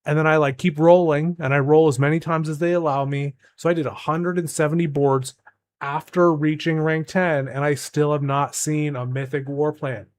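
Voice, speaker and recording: A young man with a slightly raised pitch talks as a gaming streamer. He rambles in exasperation, restarting sentences as he rants. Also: fairly even intonation, moderate pace. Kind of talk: casual ranting commentary.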